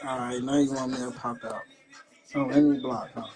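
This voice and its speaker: A man's voice: medium pitch, flat delivery, moderate pace, over music, poor audio. A young man talking on a phone livestream, agitated and profane as he rambles back at viewers' comments. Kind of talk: casual livestream talk reacting to comments.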